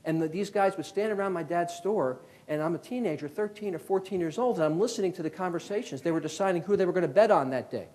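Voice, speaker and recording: A man around fifty from Connecticut, a former FBI agent giving a keynote talk as a lively storyteller who acts out the people in his anecdotes. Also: high voice, quick pace, hardly any pauses. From Connecticut, USA.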